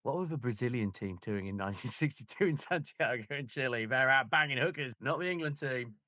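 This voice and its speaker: A man's voice: mid-range voice, expressive, brisk, sharp tone, no room sound. Wry male podcast co-host. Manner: wry, joking banter. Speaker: book club podcast co-host. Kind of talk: casual podcast chat.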